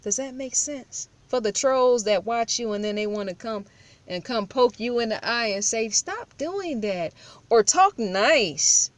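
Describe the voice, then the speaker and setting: A woman's voice: on the high side, steady tone, normal speed, dry recording. Firm, blunt woman vlogger. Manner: rhetorical questions, repeats herself. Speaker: true-crime commentator. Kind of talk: casual vlog commentary.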